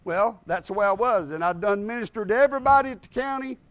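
A man's voice: high voice, expressive, quick pace, no echo. A middle-aged man, preaching a rambling, earnest testimony in folksy grammar. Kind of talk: testimony in a sermon.

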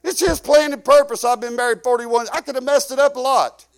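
Male pastor, 50s, high voice, homespun storytelling sermon. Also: fairly even intonation, fairly quick, clean tone. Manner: folksy, rambling, drops low when quoting himself.

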